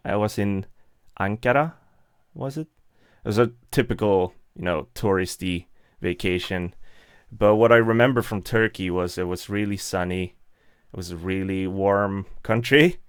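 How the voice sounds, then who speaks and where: A man's voice: fairly low pitch, dry recording, clean studio sound. A young man, chatting casually and laughing often as he reads out and answers live chat. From Sweden.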